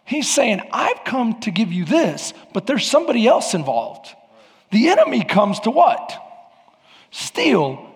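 A man preaching a sermon as pastor of a church, with emphatic rises and sudden shouts. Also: very high-pitched, long reverb tail. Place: church sanctuary.

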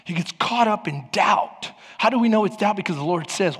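A male pastor preaching a sermon in an animated way, acting out the voices of people in his story. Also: sits high, moderate pace, husky, long reverb tail.

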